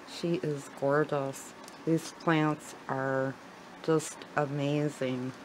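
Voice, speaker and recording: A woman's voice: sits low, a little hiss or hum, poor audio. A woman giving a casual tour of her houseplants in her living room, chatty and gushing, often trailing off mid-sentence. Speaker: plant vlogger.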